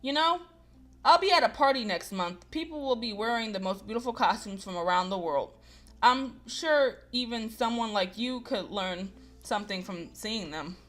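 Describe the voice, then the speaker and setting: An arrogant young nobleman from a visual novel speaks down to everyone in a smug, condescending tone, as a woman reads his lines aloud. The voice sits a little high, with soft music in the background. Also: expressive, normal speed.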